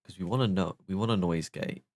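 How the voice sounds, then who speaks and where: A man with a very low voice talks casually while testing a new microphone up close. He thinks aloud and walks through his settings one step at a time. The sound is dry, with no room echo. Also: fairly quick, darkish tone. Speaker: streamer. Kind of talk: casual mic test chat.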